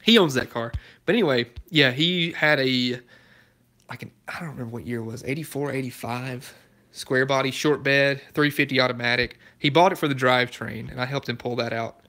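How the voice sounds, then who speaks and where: A young man from Alabama hosts his own car channel and chats casually with viewers. His voice is bright and forward, with an easygoing manner, and he laughs often. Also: mid-range voice, brisk. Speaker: YouTube car channel host. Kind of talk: casual chat answering live viewer comments.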